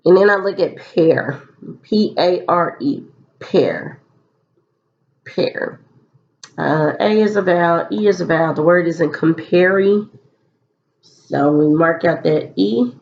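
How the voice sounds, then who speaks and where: A woman's voice: on the low side, moderate pace, gravelly, darkish tone, highs cut off. A woman teacher leading a recorded phonics lesson, explaining step by step and repeating key phrases so students can follow.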